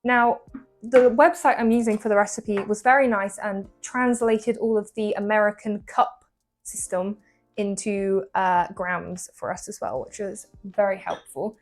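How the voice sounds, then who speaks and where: A woman's voice: medium pitch, fairly even intonation, measured pace, faint music behind. Chatty English woman baking on camera. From England. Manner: chatty, self-mocking, talks to viewers. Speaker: baking vlogger. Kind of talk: casual chat while baking. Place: home kitchen.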